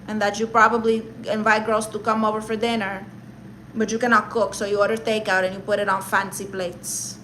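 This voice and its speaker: Sassy woman streamer roasting chat, high bright voice, bit of noise behind. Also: a little fast, low-quality recording. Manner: sassy, mock-arrogant, switches into Spanish. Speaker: live streamer.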